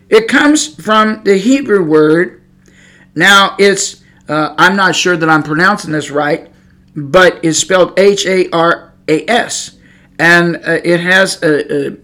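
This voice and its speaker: High, bright-voiced preaching man. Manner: rambling, stumbles over words, rising to shouts for emphasis. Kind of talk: informal Bible teaching.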